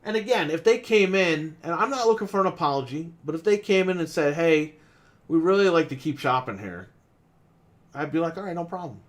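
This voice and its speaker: Still exasperated and profane, the game store owner keeps his podcast rant going, quoting customers in character. This time his voice sits a little high, with lively intonation and normal speed.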